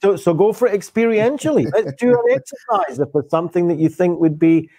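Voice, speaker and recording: A man's voice: high voice, brisk, mellow. A man hosting a live broadcast interview, friendly and pushing his guest for practical answers. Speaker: host.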